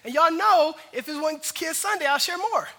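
Lively, bright-voiced preacher man. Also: extremely high pitch, moderate pace, big-room sound. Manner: casual and lively, with slang asides to the congregation. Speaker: pastor. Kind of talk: sermon.

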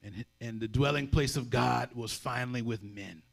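A man preaching a sermon in a conversational, animated way, acting out voices as he goes. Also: medium pitch, moderate pace, gravelly. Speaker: pastor.

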